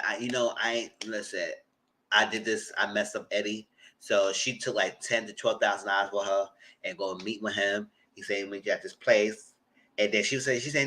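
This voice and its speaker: A man hosting a TV recap channel, retelling a story loudly and dramatically, with swearing and "girl" and "y'all" asides, sometimes squealing high voices for the people he quotes. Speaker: channel host reviewing TV. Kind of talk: animated casual recap.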